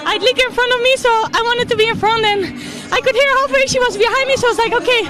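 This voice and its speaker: Woman athlete, interview clip: very high voice, rapid breathless delivery, loud music underneath. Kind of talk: post-race interview answer.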